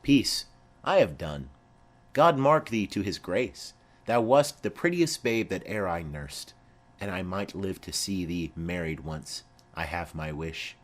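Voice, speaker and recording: A man's voice: low voice, expressive, unhurried. A man reading the part of a garrulous old female nurse who rambles on with chatty asides.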